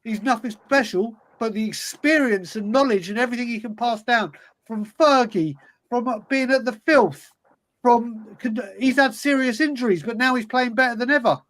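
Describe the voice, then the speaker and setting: A man's voice: extremely high pitch, normal speed, a bit bright, rough recording. A man hosting a football fan podcast, talking passionately and emphatically, often repeating himself for effect. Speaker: podcast host. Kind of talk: casual football chat.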